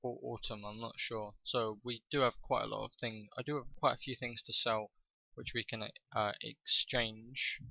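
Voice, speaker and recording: A man giving casual commentary over his own gameplay, thinking aloud with frequent fillers and pauses. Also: medium pitch, little pitch movement, gravelly, bright, forceful tone, muffled recording. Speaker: gaming video host.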